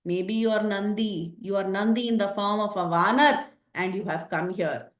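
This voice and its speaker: A woman's voice: mid-range voice, normal speed, natural voice. A woman voicing a proud, raging male demon king who hurls accusations, in an echoey room.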